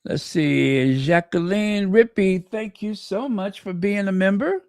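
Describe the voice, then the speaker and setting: A man's voice: high-pitched, slow, clear, resonant tone, no room sound, studio quality. A man hosting a casual livestream, trading snarky gossip, thanking viewers and breaking into bits of song. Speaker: livestream host.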